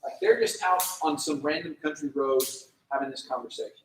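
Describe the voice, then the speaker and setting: A man's voice: fairly high pitch, fairly quick, slight background noise. A man giving a casual youth sermon, full of "like", asking the room questions and acting out prayers in little voices. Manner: conversational, lots of "like", acts out prayers in voices. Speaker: youth pastor. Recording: echoey room from far off.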